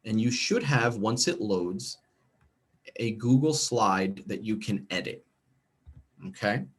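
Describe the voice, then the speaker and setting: A man's voice: on the low side, slow, slightly rough. A middle-aged American man leading a teacher training workshop over a video call, chatty and checking in with "okay?" and "right?". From United States. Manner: conversational, frequent check-ins with "okay?" and "right?". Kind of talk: professional development workshop presentation.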